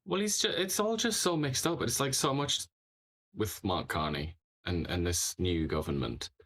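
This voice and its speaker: A man's voice: fairly low pitch, moderate pace, fairly bright tone. A man hosting a political commentary show, talking in an opinionated, sarcastic way, full of mocking rhetorical questions.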